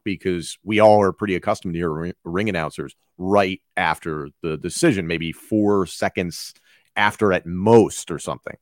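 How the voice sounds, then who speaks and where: A man, a wrestling broadcaster, talking in a casual podcast conversation, telling stories in a reflective, measured way. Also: low-pitched, no echo, studio quality.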